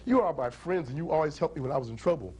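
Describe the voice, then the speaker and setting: A man's voice: fairly high pitch, animated, racing, a little mellow, husky. A man voicing a blind male lion who is foolish and sorry, stammering and pleading with his friends. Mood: remorseful.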